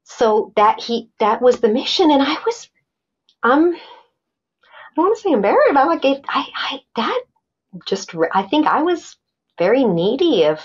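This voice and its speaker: A woman's voice: high voice, big pitch swings, normal speed, long pauses, breathy edge, lo-fi sound. A middle-aged woman recounting a personal story as a podcast guest, animatedly acting out quoted dialogue with many restarts.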